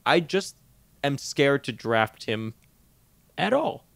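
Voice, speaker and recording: Man, podcast co-host, casual chat, gravelly, animated, stumbles over words, dry close sound. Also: medium pitch, takes it slowly, dry recording. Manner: animated, laughs often, trips over words. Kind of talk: casual fantasy sports chat.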